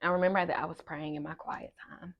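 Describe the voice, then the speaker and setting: A young woman telling a personal story, swinging between loud exclamations and soft asides. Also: sits low, fairly even intonation, quick pace, dull audio. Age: young adult. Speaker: vlogger. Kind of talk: storytime vlog.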